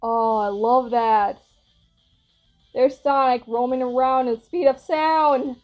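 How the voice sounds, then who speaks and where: Excitable woman reacting, high voice. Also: slow, muffled recording, faint music behind. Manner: excitable, gushing exclamations; apologetic, rambling asides. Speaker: reaction video host. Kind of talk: casual reaction commentary.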